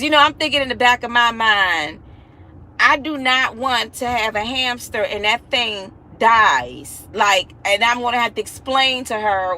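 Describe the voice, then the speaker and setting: A woman in her thirties chatting casually to her viewers, animated and laughing often as she acts out what people said. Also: on the high side. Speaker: vlogger. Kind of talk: casual storytelling chat.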